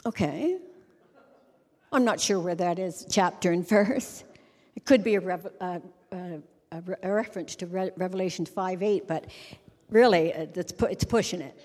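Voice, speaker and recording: A middle-aged woman giving a humorous storytelling sermon at a conference, animated and conversational, sometimes breaking into song to make a point. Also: fairly low pitch, moderate pace. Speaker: conference speaker. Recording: long reverb of a large hall.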